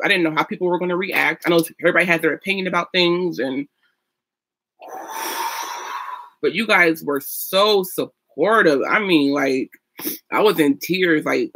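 Young female beauty vlogger, bright tone, chatty and effusive; casual get-ready-with-me talk. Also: low-pitched, breathy edge. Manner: chatty and gushing, with fillers and sung sounds.

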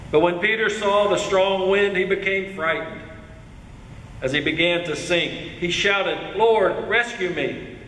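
Male pastor, high voice, expressive sermon delivery, faint room noise. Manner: earnest, expressive preaching. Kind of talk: scripture reading and sermon. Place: church sanctuary. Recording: echoey church hall with faint ambience.

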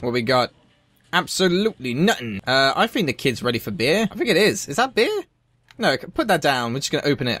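A man's voice: fairly high pitch, fairly bright tone. A young man giving sarcastic, sweary let's play commentary. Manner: sarcastic, sweary running jokes. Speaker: gaming commentator.

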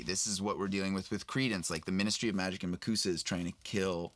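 A man's voice: low voice, fairly even intonation, quick pace, few pauses, no echo. A man, an actor guest, chatting eagerly and telling stories in a casual talk. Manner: enthusiastic, storytelling. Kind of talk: casual chat.

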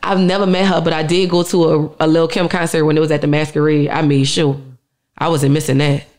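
A woman from Uptown New Orleans with a New Orleans accent, chatting animatedly as a rapper guest in an interview. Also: deep voice. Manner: animated, quick Uptown talk. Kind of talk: casual interview chat.

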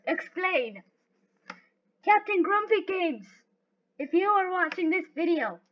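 A woman giving live gameplay commentary, excitable and talking to herself as she plays. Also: extremely high pitch, slow, pauses often. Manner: excitable, talks to herself while playing. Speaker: gaming video host. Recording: dull lo-fi recording.

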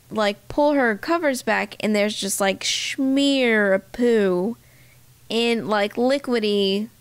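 A woman's voice: fairly high pitch, clean tone, dry recording. A woman co-hosting a podcast, telling a rambling personal story in casual chat. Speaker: podcast co-host.

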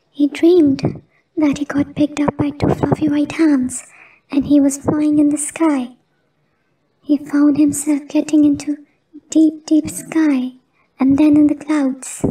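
A woman telling a children's bedtime story in a gentle, expressive narrating voice. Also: sits high, recorded from a distance, low-quality recording.

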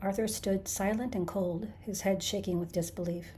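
A woman narrating a comic science fiction novel in a measured, dry storytelling delivery. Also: mid-range voice, fairly even intonation, mellow, slight background noise. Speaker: narrator, podcast host. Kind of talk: scripted audiobook narration.

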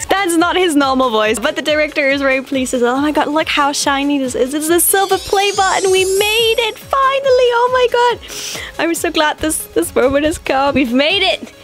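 A woman with a high-pitched voice chatting in a casual vlog. She is bubbly and excitable and breaks into exclamations often. A bit of music plays faintly behind her. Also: fairly quick. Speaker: YouTuber host.

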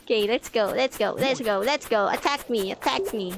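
A woman's voice: a little high, moderate pace, a little hiss or hum. A woman casually commenting on her own gameplay, playfully chatting at the enemies and giggling often. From Philippines. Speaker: gaming channel host. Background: background music.

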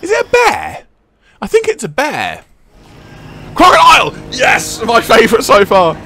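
Excitable man, lively pitch. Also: moderate pace. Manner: excitable, laughs often, chatty. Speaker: gaming video creator. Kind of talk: casual gameplay commentary. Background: faint game music.

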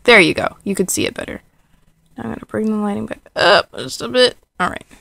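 A woman's voice: mid-range voice, very animated, brisk, gravelly, pushed and bright, no echo. A woman vlogging late at night in a dim room, rambling and reading out text messages. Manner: rambling, giggly, quotes text messages aloud. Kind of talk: casual late-night vlog.

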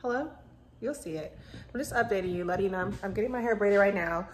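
A woman's voice: medium pitch, fast. A woman chatting casually to her viewers while doing her hair at home. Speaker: vlogger. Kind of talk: casual vlog chat. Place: at home indoors. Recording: echoey room, faint background noise.

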